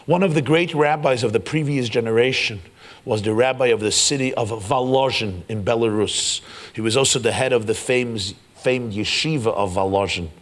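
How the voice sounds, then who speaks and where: A man giving a storytelling sermon as keynote speaker, acting out the dialogue of the people in his tale and building to loud peaks. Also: mid-range voice, normal speed. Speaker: rabbi giving a keynote address. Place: large hotel event hall.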